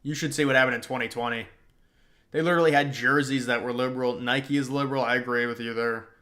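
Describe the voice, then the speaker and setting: A man's voice: medium pitch, fairly even intonation, fast, bright, forceful tone. Casual young man chatting on a livestream. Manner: casual, slangy, reacting to chat and trailing off. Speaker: livestream host. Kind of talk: casual political livestream chat.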